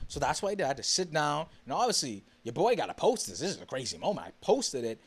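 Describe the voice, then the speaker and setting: A young man from the Bahamas hosting a podcast alone, telling a story in a casual, excitable way with many fillers and restarts. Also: medium pitch, fast talker, few pauses. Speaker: podcast host.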